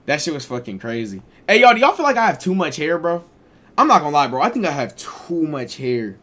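A young adult man streamer telling a casual storytime, animated, slangy and profane. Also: on the high side, a little fast.

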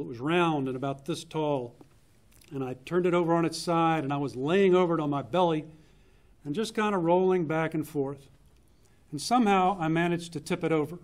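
A man in his fifties gives a eulogy for his older brother in a funeral home chapel, telling family stories in an earnest, unhurried way with pauses for effect. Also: a little high. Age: 50s. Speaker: eulogist, younger brother of the deceased. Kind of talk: memorial eulogy, personal storytelling.

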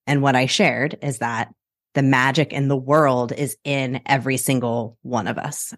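A woman hosting her own podcast, her voice sitting low for a woman. She talks in a chatty, animated way and breaks into laughter often as she goes. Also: no room sound, clean studio sound. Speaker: podcast host. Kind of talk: casual solo podcast talk.

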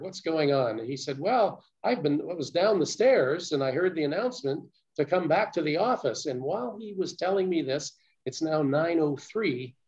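A man's voice: mid-range voice, darkish tone. Older man recounting, dull lo-fi audio. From Canada. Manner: measured, detailed storytelling with frequent restarts. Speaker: speaker telling a survivor's account. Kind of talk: first-person recounting to an audience. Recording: dull lo-fi recording.

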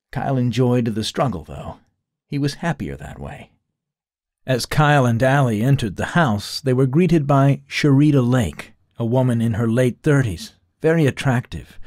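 A male audiobook narrator reads a scripted story in an even, wry manner. His mid-range voice is recorded at studio quality with no room sound.

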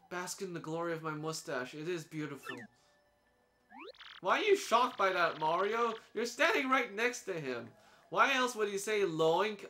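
A young man with a high voice riffs through casual gameplay commentary. His tone is bright and sharp, and he jokes, teases the characters sarcastically and laughs often. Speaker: let's play commentator.

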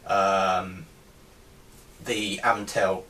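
Man, low-pitched voice, casual show-and-tell vlog, hesitant with lots of ums, recorded from a distance. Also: level tone, very slow, pushed and bright. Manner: hesitant, many ums and restarts. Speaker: artist showing his helmet collection. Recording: distant mic with faint background noise.

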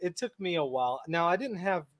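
A man's voice: high voice, animated, a little fast, no room sound. A man from Israel, hosting a casual chat and prompting with short questions. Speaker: host. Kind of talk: casual conversation.

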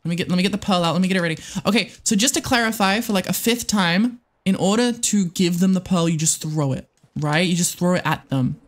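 A livestreamer in casual gameplay commentary, excitable and swearing often while talking to the game and chat. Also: medium pitch, fast. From United States.

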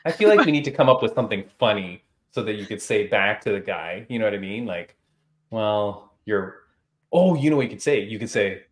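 A man hosting a podcast, chatting in an animated, teasing, gossipy way. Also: on the low side, brisk. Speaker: podcast host. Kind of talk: casual chat.

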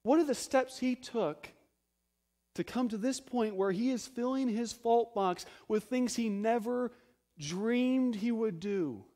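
A pastor delivering a sermon with a high, bright-pitched voice. He preaches emphatically and keeps asking rhetorical questions. He drops into hushed low phrases between loud stresses. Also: slow pace.

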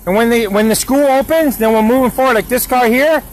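Heated high-voiced man arguing outdoors. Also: brisk, poor audio. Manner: heated, argumentative, repetitive. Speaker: parent filming a street dispute. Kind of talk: handheld confrontation vlog. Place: outdoor street by a school.

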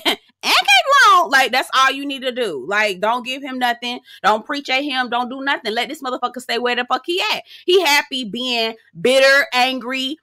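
A woman's voice: high voice, animated, normal speed, bright, forceful tone, no room sound, studio quality. A young adult woman giving a sassy, blunt, profane recap of a reality show, talking straight to her viewers. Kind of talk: casual recap commentary.

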